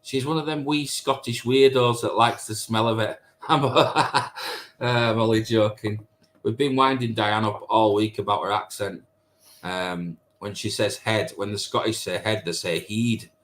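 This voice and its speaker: With a fairly low, steady voice at a moderate pace, a man in his thirties reads his live stream chat and teases viewers in a casual back-and-forth.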